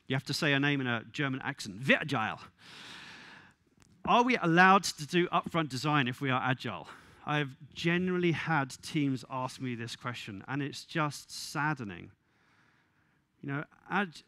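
A man giving a conference talk, wry and exasperated, with quick asides and laughs. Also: medium pitch, a bit bright, dry recording. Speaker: conference speaker. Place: conference venue.

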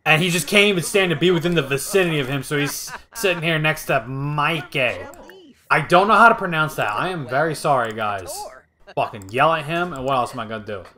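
Excitable, profane young gaming host. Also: male voice, a little high, brisk. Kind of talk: casual gameplay commentary.

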